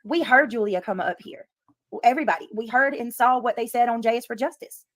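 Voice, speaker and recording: A woman's voice: fairly high pitch, fairly quick, fairly bright tone, no room sound. A woman hosting a casual livestream, talking earnestly to her chat and repeating her points for emphasis. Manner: talks to chat while reading comments. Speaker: livestream host. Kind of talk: casual live commentary.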